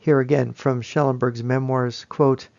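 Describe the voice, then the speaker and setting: A man giving a lecture-style presentation, telling the story in a measured, emphatic way. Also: medium pitch, little pitch movement, gravelly, a little mellow, lo-fi sound.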